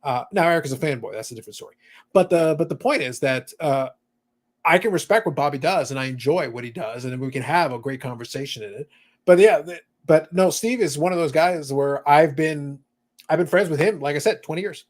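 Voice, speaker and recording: A man's voice: on the high side, brisk. Chatty man hosting a hobby podcast. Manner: chatty, reads viewer comments aloud, many fillers. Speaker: podcast host. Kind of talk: casual chat.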